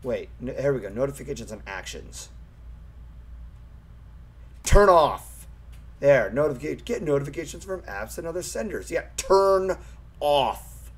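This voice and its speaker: A young man streaming a game, chatting casually, swearing often and squealing with excitement at thrilling moments. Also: mid-range voice, a little slow, pauses often, husky. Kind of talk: casual gameplay commentary.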